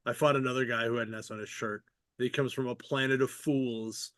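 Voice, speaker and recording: A man's voice: mid-range voice, fairly even intonation, brisk, a bit bright, no echo, clean studio sound, natural voice. A man loosely voicing a haughty alien male warlord from a comic, quoted in casual retelling, scornful and cutting.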